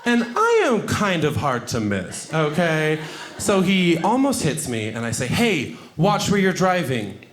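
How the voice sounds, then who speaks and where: Animated self-deprecating male stand-up comic. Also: a little slow. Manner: self-deprecating, animated, jumps into high put-on voices for quotes. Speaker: stand-up comedian. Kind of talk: stand-up comedy set. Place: comedy club stage before a laughing audience. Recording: roomy club sound, audience laughter.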